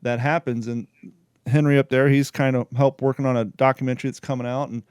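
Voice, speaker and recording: Smooth easygoing male podcast host. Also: mid-range voice, level tone, quick pace, a little mellow, no room sound, clean studio sound. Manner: easygoing, laughs along. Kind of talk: casual interview chat.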